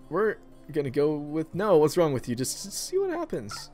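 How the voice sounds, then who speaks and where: A man's voice: fairly high pitch, huge pitch swings, moderate pace, few pauses, darkish tone, soft background music. A man playing a text adventure game, reading it aloud with casual, offhand remarks and the odd swear. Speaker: video game streamer.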